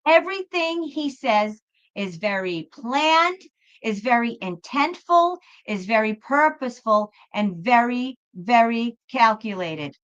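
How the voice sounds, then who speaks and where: A woman with a high, bright voice chats loosely on a live stream, rambling and talking straight to her viewers. Her talk is casual and wandering. The audio is dull and lo-fi. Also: lively intonation, slow. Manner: rambling, chatty, talks straight to viewers in the chat. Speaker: tarot reader hosting a live show.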